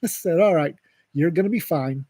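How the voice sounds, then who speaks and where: A man's voice: on the high side, normal speed, dark tone, dry recording. A man co-hosting a podcast, telling a story in a dry, wisecracking way during a casual chat. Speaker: podcast co-host.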